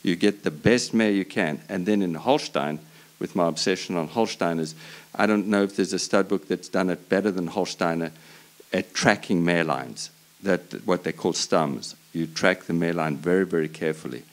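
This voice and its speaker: A man with a very low voice tells a personal story to a live audience. He talks earnestly and passionately, often starting sentences over as he goes. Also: normal speed. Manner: earnest and passionate, with frequent restarts. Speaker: horse breeder on a panel.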